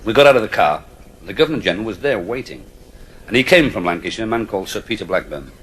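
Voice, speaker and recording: An older man works the room with comic anecdotes, chuckling through his own punchlines. His voice sits low yet swoops lively from phrase to phrase. The live recording carries a steady hiss of noise. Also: fast talker, poor audio. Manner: wry, chuckling raconteur. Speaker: after-dinner speaker.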